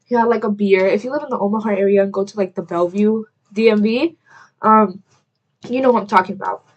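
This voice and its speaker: A young woman, vlogging as she gets ready at home, tells a story in a mid-range voice, though the highs are cut off. She wanders as she talks, uses "like" a lot, stops herself mid-sentence, apologizes fast, and adds casual asides for the camera.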